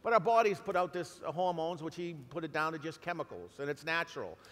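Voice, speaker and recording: A middle-aged man with a New England accent, giving a talk to an audience in a halting way, full of fillers and restarts. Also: fairly high pitch, lively intonation, a bit bright. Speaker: guest speaker. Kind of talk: speech to an audience. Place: large hall. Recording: long reverb of a hall.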